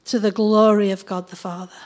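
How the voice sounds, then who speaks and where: Woman service leader, croaky voice, cheerful and prayerful, reads scripture in church. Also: medium pitch, flat delivery, moderate pace. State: hoarse. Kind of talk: leading prayer and reading scripture.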